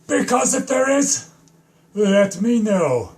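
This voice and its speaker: Young male streamer, high gravelly voice, slow silly rambling with sudden shouts. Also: sing-song. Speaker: live streamer. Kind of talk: goofy solo live stream.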